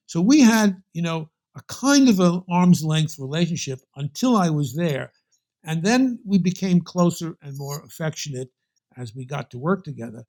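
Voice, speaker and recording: A man's voice: medium pitch, lively intonation, normal speed, darkish tone. An older man with a Brooklyn accent, talking as an interview guest. He tells his anecdotes in a loose, rambling way, often restarting a phrase and stacking up asides before he gets to the point. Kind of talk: storytelling interview.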